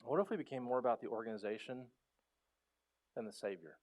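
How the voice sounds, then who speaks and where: A man in his thirties preaching a sermon in a church, passionate and conversational, rising to loud pleas and dropping to soft, quiet lines. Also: mid-range voice, expressive, fast. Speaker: pastor. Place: church sanctuary.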